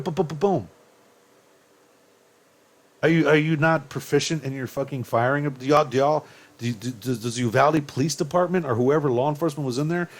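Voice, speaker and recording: A young man, ranting angrily to his viewers with profanity and rhetorical questions. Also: a little high. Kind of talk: heated opinion rant.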